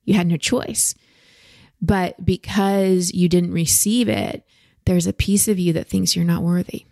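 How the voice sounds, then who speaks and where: A woman with a low, gravelly voice coaches her guest in a slow, reassuring way. She gives warm, steady advice on a podcast. The sound is close and dry, with no room around it. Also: no room sound. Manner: gentle, slow, reassuring advice with soft laughs. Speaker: podcast host and emotional coach. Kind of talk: coaching conversation.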